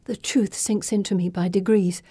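Mellow-voiced woman narrating an audiobook. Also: mid-range voice, steady tone, moderate pace, slightly rough, no echo. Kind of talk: first-person audiobook narration.

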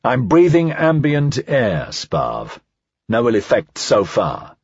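A man's voice: medium pitch, huge pitch swings, takes it slowly, a little mellow, husky, no echo, dull audio, full character voice. A man playing a dry, clipped senior investigator. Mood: measured. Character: seasoned male investigator, dry, measured, in charge.

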